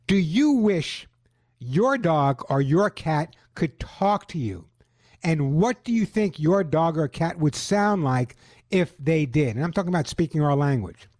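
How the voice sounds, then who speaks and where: A middle-aged man with a Long Island New York accent, hosting a call-in radio show in an upbeat, lively way. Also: a little high. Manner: upbeat, lively promotional delivery.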